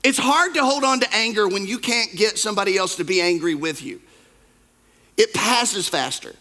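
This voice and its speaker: Male pastor, high bright voice, emphatic sermon delivery with lots of repetition. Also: normal speed. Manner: emphatic, repeats key phrases; swings between soft asides and loud outbursts. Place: church.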